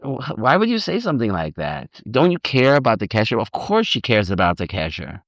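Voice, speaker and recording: A man giving an informal lecture as a rabbi, animated and repetitive, often acting out little dialogues, on a dull, dry recording. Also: medium pitch, fairly quick, dry recording. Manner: animated, repeats words, acts out dialogue. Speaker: rabbi teaching on marriage. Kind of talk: informal lecture with audience questions.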